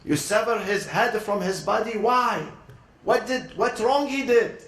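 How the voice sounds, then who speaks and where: A man voicing an older Christian priest who grieves and pleads earnestly and slowly. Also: high voice, fairly bright tone. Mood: astonished. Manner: earnest, slow, imploring. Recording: roomy echo.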